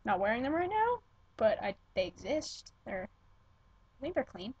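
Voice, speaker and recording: A young woman rambles into her computer webcam at home, gushing, swearing and cutting herself off. Her voice is slightly high with a husky, breathy edge. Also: sing-song, normal speed, darkish tone, no echo, dull audio. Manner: gushing, profane, self-interrupting. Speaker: vlogger. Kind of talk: casual rambling vlog. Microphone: computer webcam mic.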